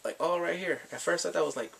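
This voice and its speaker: A man's voice: on the high side, fast, vocal fry, a bit bright, breathy edge. A man casually recapping drama episodes, rambling and filling his talk with "like" and acted-out quotes. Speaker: drama reviewer.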